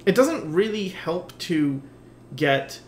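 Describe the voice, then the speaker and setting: A slightly higher-voiced man hosts a relaxed podcast chat. He muses out loud, wanders off his point, and fills the gaps with ums and uhs. His voice rings with a noticeable roomy echo. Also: slow. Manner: rambling, musing with many fillers. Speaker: podcast host. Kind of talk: casual conversation.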